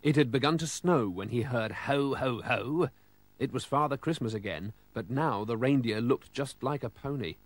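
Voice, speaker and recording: A man reading a children's storybook aloud with lively, expressive storytelling. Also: medium pitch, normal speed, few pauses, no echo.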